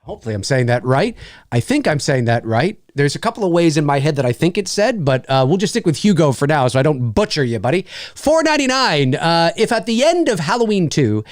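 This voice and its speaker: Animated man, lively voice. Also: a little high, fairly quick, no echo, studio quality. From Canada. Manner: animated storyteller, many restarts and laughs. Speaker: host. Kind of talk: casual chat.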